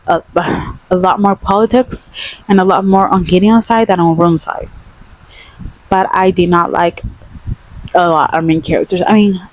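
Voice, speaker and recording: A woman's voice: fairly low pitch, no echo, low-quality recording. A young woman vlogging a casual book review, emphatic and exasperated, repeating her points.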